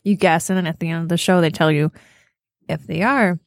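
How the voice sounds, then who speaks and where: A woman's voice: lowish voice, steady tone, a little fast, no room sound, studio quality. A woman co-hosting a podcast, telling a story in casual chat and laughing through her words. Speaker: podcast co-host.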